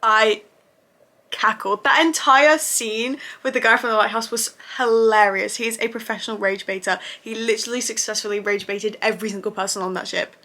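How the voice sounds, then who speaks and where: A woman casually reviewing anime episodes for her channel, gushing and excitable and swearing freely. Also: on the high side, moderate pace.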